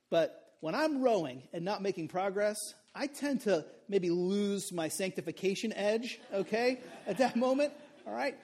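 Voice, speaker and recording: A man with a high-pitched voice preaches in a loose, conversational way. He talks through the passage casually and keeps tossing "okay?" and "right?" to the listeners. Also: a little mellow. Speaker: pastor. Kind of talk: sermon.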